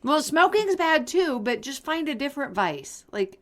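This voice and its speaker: A woman's voice: high-pitched, sing-song, normal speed, fairly bright tone. A woman co-hosting a podcast in casual chat, coughing now and then, blunt and jokingly preachy. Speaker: podcast co-host.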